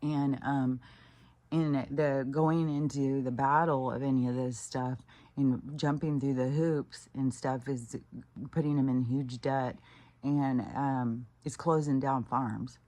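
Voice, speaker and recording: A woman delivering an angry, profane rant as a vlogger, full of swearing and halting restarts. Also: extremely low pitch, steady tone, warm tone.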